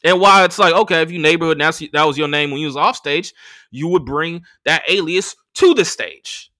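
An American podcast host and comedian tells a story as a casual, profane rant, acting out the people he quotes. His voice sits on the high side, bright and forceful, at a moderate pace.

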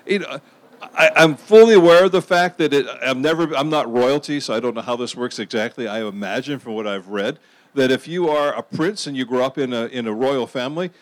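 A middle-aged pastor preaching a sermon in a conversational way, asking the audience questions and repeating phrases for emphasis. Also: male voice, fairly high pitch, moderate pace.

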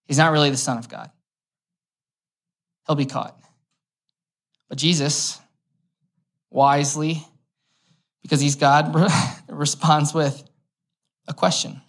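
A man's voice: on the high side, little pitch movement, takes it slowly, long pauses, a bit bright. Young guy giving a laid-back sermon, chatty, storytelling, throws in little jokes. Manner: casual and storytelling, with light humor. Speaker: preacher. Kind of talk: conversational sermon.

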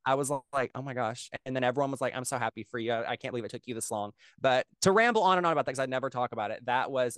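A man's voice: medium pitch, dry recording, studio quality. A young man co-hosting a podcast, chatting casually with a rambling, filler-heavy way of talking. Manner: rambling, filler-heavy, lots of "like" and "you know". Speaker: podcast co-host. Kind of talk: casual chat.

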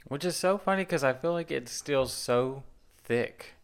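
A man's voice: medium pitch, clear, resonant tone. A man from Tennessee with a Southern accent, chatting and teasing as a podcast co-host. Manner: chatty, teasing, quick to laugh. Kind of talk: casual podcast chat.

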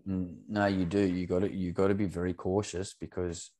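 Man, very low voice, candid podcast guest. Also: level tone, fairly quick, mellow. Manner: earnest, open, swears casually.

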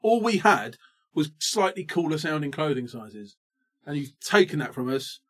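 A man in his thirties, co-hosting a comedy podcast with an animated, self-mocking ranting delivery. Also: fairly high pitch, normal speed. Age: 30s. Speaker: podcast co-host. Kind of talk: comic rant in casual chat.

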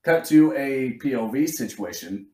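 A male podcast co-host chats casually and profanely, retelling scenes with energy and acting out quotes in a raised voice. He has a medium-pitched voice, takes an unhurried pace, and the room sounds echoey.

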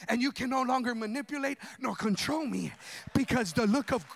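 A male pastor preaching a sermon, fervent and colloquial, moving between hushed talk and shouted declarations. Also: very high voice, a little fast, gravelly, no echo, a faint crowd.

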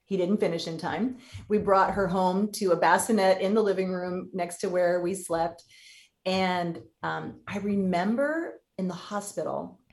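A woman in her fifties recounts a stretch of her life as a podcast guest, speaking candidly. Her voice sits low, and she briefly takes on the voices of the people in her story. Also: a little slow, darkish tone. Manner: candid, acts out quoted voices. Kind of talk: personal storytelling in an interview.

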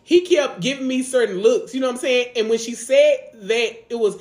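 A woman's voice: a little high, a little fast, darkish tone, echoey room. A woman co-hosting a podcast, telling a funny family story in loose casual chat, laughing often and leaning on "you know what I'm saying.". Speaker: podcast co-host.

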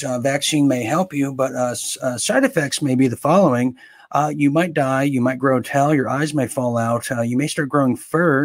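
A man from the United States giving sarcastic, mocking commentary on news items, halting with fillers. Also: medium pitch.

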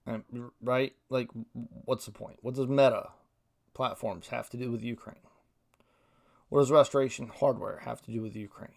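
A young man from Ohio hosts a podcast by himself. His talk rambles, with asides and jokes at his own expense, and he stops now and then to read quotes aloud. His pitch sits in the middle range for a man. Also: vocal fry. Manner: rambling and self-deprecating, reads quotes aloud. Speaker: podcast host. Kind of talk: solo casual podcast commentary.

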